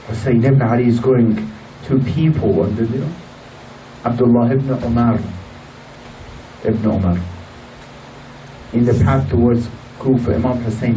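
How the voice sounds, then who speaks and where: A man's voice: mid-range voice, dark tone. A man giving a religious lecture in a mosque hall, emotional, acting out the voices in his stories. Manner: emotional, acts out voices in storytelling. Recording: distant mic in a hall with faint noise.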